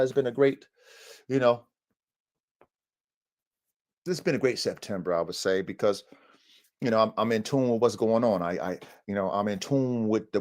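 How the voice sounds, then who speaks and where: Male podcast host, mid-pitched voice, casual profane storyteller, animated and full of slang. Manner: profane, slangy and animated, with many fillers like "you know what I'm saying". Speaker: podcast host, dog breeder. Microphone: livestream mic.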